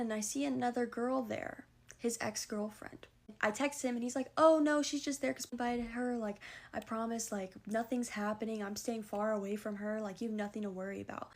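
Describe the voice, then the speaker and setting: A young woman telling a storytime vlog, rushing through her retelling and filling it with "like". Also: medium pitch. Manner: fast, breathless retelling full of "like".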